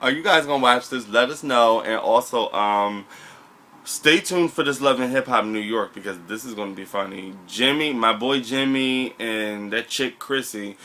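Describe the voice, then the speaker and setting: A young man co-hosting a casual reality TV recap, gossiping in an animated, exclaiming way. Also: mid-range voice, moderate pace. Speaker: co-host.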